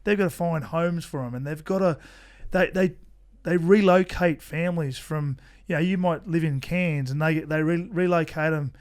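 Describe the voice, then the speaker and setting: Australian male guest, fairly high voice, loose rambling storyteller. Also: moderate pace, a little mellow, smooth. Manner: rambling storyteller, many restarts and swearing. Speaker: podcast guest. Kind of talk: casual chat.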